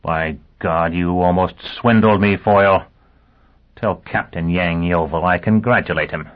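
Guy doing a low raspy angry interrogator, threatening, tinny phone-ish audio. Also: a little slow. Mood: menacing. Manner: accusing, threatening. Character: furious, suspicious male interrogator.

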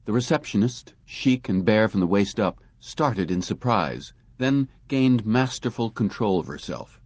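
Male audiobook narrator, low voice, dry close sound, measured story reading. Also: expressive, a little mellow, dry recording, lo-fi sound. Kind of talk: scripted narration.

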